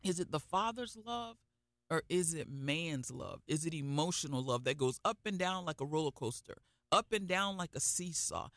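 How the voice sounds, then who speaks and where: A man's voice: a little high, animated, moderate pace, a bit bright, dry recording, studio quality. A man co-hosting a faith broadcast, preaching with fervent emphasis and repeating phrases for effect.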